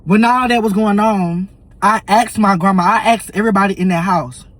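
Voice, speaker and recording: A man's voice: high voice, a little fast, no room sound. A young man telling an emotional personal story in a vlog, acting out the lines he and his family said. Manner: animated, emotional storytelling with reenacted quotes. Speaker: vlogger.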